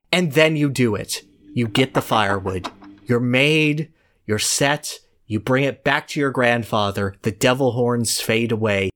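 A man's voice: sits high, fairly bright tone. A man co-hosting a podcast, telling a comically dramatic, building story about a game and then discussing it casually. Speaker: podcast co-host.

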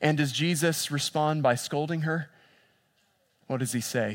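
Higher-voiced pastor preaching with sweeping dynamics. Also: male voice, unhurried. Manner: animated storytelling that drops to hushed, intense passages; repeats phrases for emphasis. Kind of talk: sermon.

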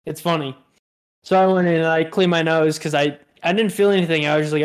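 High-voiced joking young man. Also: steady tone, fast. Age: 20s. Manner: joking, profane banter. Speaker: podcast co-host. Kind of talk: casual chat.

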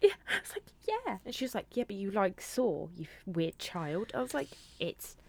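A woman co-hosting a podcast, telling stories in an animated way, swearing casually and laughing along. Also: mid-range voice, normal speed, creaky. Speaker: podcast co-host. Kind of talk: casual chat.

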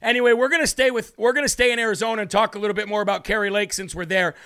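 High-voiced emphatic male commentator. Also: fairly even intonation, very fast, sharp tone, smooth. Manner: emphatic, rhetorical questions, sarcastic asides. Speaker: host. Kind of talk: live political commentary.

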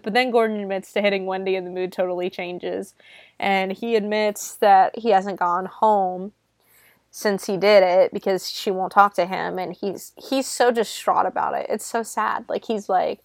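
A woman's voice: mid-range voice, a little slow, vocal fry, no echo, studio quality. A woman casually recapping a film, chatty and full of filler words, swearing freely. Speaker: film reviewer.

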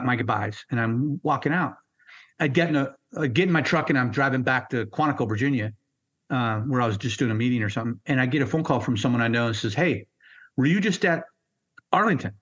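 A man's voice: mid-range voice, a bit bright, dull audio. A middle-aged man, a Marine veteran, telling war stories bluntly in an interview, swearing and acting out the dialogue. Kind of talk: storytelling interview.

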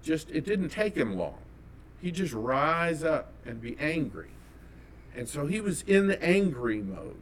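A man from California telling a personal story as an interview guest, animated and acting out the dialogue. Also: on the high side, unhurried, a little hiss or hum. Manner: animated, acts out quoted dialogue.

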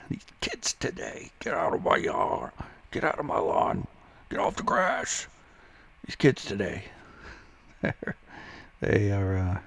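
A man's voice: low voice, gravelly, darkish tone, breathy edge. A middle-aged man hosting his show in a casual, rambling monologue, laughing often and swearing freely. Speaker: show host, retired Army veteran.

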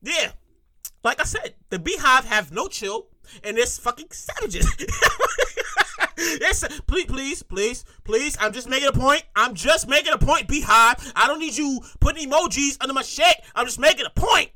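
High, bright comedic woman storyteller. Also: moderate pace. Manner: animated, repeats lines for emphasis, laughs at own jokes. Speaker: comedic monologuist. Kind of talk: comic monologue read from her own script.

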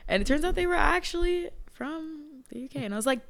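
A woman's voice: high-pitched, a little fast, gravelly. A young American woman in casual chat, telling stories with frequent laughter. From United States. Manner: laughs often, animated storytelling.

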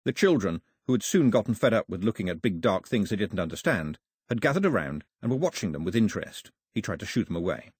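A man reading an audiobook with expressive storytelling and dry wit, close to the microphone. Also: fairly low pitch, fast, breathy edge, dry recording. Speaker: audiobook narrator. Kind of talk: scripted narration. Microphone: close studio mic.

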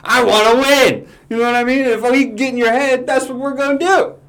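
A young man hosting a podcast, talking sports in casual, profane, animated banter. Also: extremely high pitch, fairly quick. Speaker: podcast host.

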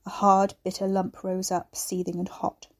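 A woman, the author, reading her own dark novel aloud in a measured storytelling style. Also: mid-range voice, monotone. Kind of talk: audiobook narration.

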